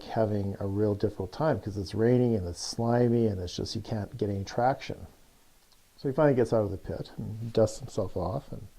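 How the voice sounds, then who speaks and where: Low, mellow-voiced male storyteller. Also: creaky, breathy edge. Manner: loose and chatty, many fillers. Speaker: coach. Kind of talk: casual storytelling.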